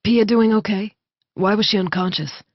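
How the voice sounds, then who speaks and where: A woman's voice: mid-range voice, fairly even intonation, moderate pace, no room sound, pitched above the performer's own voice, lightly acted. A woman voicing a dominant woman wolf-shifter lieutenant who speaks with command and teases, on a slightly muffled recording. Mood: brisk teasing. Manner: commanding, teasing.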